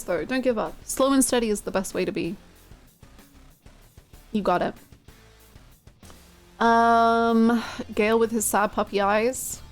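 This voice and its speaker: A woman game streamer chatting casually with viewers, laughing often and swearing freely. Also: on the high side.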